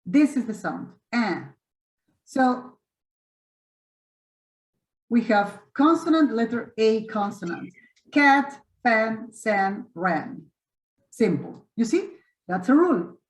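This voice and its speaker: A woman's voice: a little high, big pitch swings, takes it slowly, long pauses, reverberant, poor audio. Encouraging woman teaching English online. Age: middle-aged. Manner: encouraging, repeats and corrects students. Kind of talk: online webinar class. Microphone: video call.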